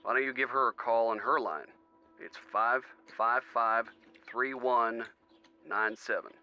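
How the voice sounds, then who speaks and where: A man's voice: medium pitch, measured pace, smooth, muffled recording, close to an everyday voice. An actor voicing a friendly, easygoing older man in a video game. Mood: genial. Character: genial older man, a great-grandson heir.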